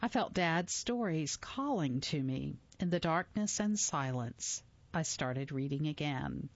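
Low-voiced woman reading a memoir. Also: animated, no room sound, dull audio. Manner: measured, reflective storytelling. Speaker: memoir narrator. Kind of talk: audiobook memoir narration.

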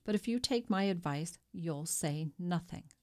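A woman's voice: fairly low pitch, animated, a little slow, mellow. Woman reading as a grim fearful innkeeper's wife. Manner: grim, muttering.

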